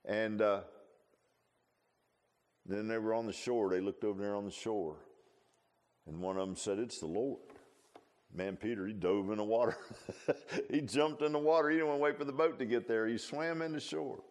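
Folksy preacher with a low voice. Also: male voice, normal speed, pauses often. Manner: folksy, conversational, rhetorical questions. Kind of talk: sermon.

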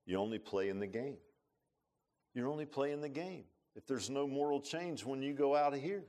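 A man preaching an earnest, emotional sermon in a church, with rising bursts and soft confessional drops. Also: medium pitch, moderate pace. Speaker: pastor. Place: church sanctuary.

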